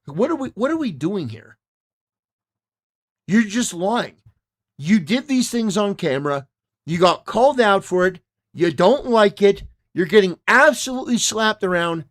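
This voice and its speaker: A man's voice: high voice, sing-song, a little slow, fairly bright tone. A man hosting a reaction commentary, talking back at a clip with mocking, indignant remarks. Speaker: commentary host.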